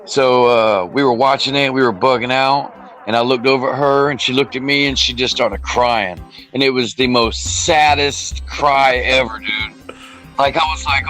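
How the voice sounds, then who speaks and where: Animated, bright-voiced storytelling man. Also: medium pitch, moderate pace, faint music behind, rough recording. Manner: animated, swearing, acts out quoted voices. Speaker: podcast co-host. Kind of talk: casual storytelling chat.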